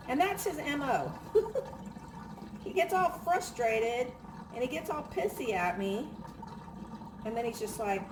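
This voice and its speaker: Slow-talking stressed woman venting. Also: on the high side, very animated, background noise. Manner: chatty, acts out quoted exchanges, laughs between lines. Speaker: vlogger and crafter. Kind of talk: casual chat, venting.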